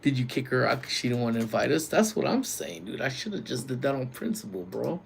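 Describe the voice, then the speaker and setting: A man working security, chatting casually with viewers on a live stream from work, using relaxed slang and calling out loud greetings to people joining. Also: medium pitch, fast, creaky, breathy edge. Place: workplace community center.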